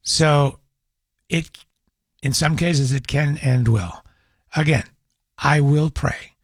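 A man hosting a talk radio call-in show, speaking gently and sympathetically with callers into a studio microphone. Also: fairly high pitch, slow, husky, no echo.

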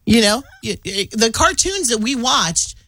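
A woman's voice: fairly high pitch, big pitch swings, measured pace, fairly bright tone, no echo. A female radio co-host in casual on-air banter, reacting and chatting along with her partner. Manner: reactive and chatty, repeats and agrees. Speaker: radio morning show co-host.

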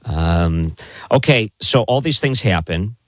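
A low-voiced man hosts an interview in a dry studio sound. He asks steady, probing questions and recaps the guest's story back to him. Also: slow pace, dry recording. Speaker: interview host.

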